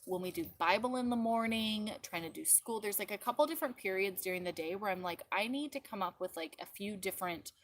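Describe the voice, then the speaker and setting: A woman's voice: mid-range voice, lively intonation, fast talker, few pauses, slight background noise. A woman hosting a casual live stream as a mother, chatting and rambling with lots of filler words, outdoors in her yard. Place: outdoors in a backyard.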